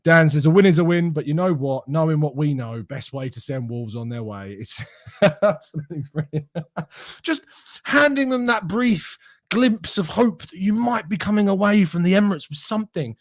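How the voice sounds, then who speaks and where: A man's voice: fairly high pitch, expressive, normal speed, dry recording, studio quality. A young man hosting a fan live stream, giddy and mocking, laughing often as he reads out chat messages. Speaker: fan channel host reading live chat.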